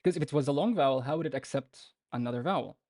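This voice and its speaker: A man teaching a live online beginner lesson, patient and informal, repeating example words slowly many times. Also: mid-range voice, dry recording, clean studio sound. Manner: relaxed and informal, with fillers and restarts. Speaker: Arabic teacher.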